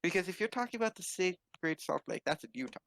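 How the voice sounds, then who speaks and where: Gravelly-voiced teasing guy. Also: sits high, lively intonation, fairly bright tone, dry recording. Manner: teasing, quick to poke holes. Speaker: co-host. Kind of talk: casual chat.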